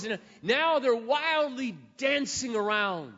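A man preaching a sermon, telling a scripture story dramatically and swinging between loud passages and hushed asides. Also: extremely high pitch, lively intonation, unhurried. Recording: reverberant hall, dull lo-fi sound.

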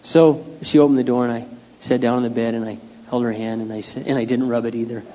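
A man's voice: mid-range voice, little pitch movement, quick pace. Candid middle-aged male pastor preaching. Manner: candid and conversational, swinging from quiet asides to loud outbursts. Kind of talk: sermon. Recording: dull lo-fi sound with long hall reverb.

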